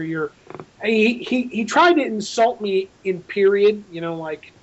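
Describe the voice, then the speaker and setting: A man, a film director being interviewed, telling a rambling, animated story with frequent restarts. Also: sits high, measured pace, muffled recording.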